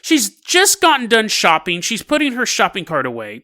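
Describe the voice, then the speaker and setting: A man's voice: high voice, moderate pace. A man hosting a podcast, telling stories in a casual, jokey way and laughing as he talks. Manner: jokey, animated, laughs while talking. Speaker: podcast host. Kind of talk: casual comedic storytelling.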